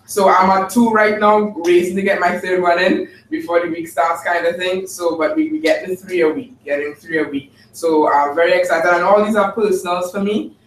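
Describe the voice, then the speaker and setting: A man's voice: sits high, steady tone, normal speed, few pauses, a bit bright, far from the mic, a little hiss or hum. A man giving an upbeat, chatty report at a group meeting, with many fillers. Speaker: team member giving a report. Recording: echoey room mic from afar, light ambience.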